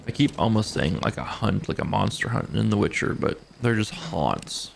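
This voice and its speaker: A man giving relaxed, casual commentary while livestreaming a game, thinking aloud and laughing easily. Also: lowish voice, moderate pace, gravelly, slight background noise. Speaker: gaming streamer. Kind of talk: casual live gameplay commentary.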